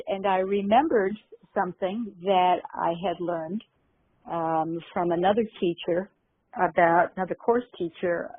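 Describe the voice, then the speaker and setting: An older woman, a guest minister and spiritual teacher, telling a story in a gentle, reflective way with frequent pauses. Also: fairly low pitch, slightly rough, dry recording. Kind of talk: conversational storytelling. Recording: phone-line audio.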